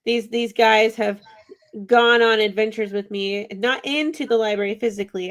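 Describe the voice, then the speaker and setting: A woman's voice: fairly high pitch, steady tone, normal speed, fairly bright tone. A woman chatting as a guest on a book podcast, teasing and playful. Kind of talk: casual chat.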